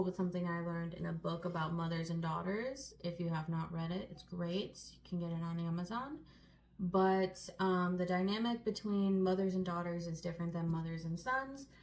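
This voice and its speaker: A young woman in her twenties co-hosting a casual sit-down chat, talking freely with many fillers and laughs. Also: fairly low pitch. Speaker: co-host.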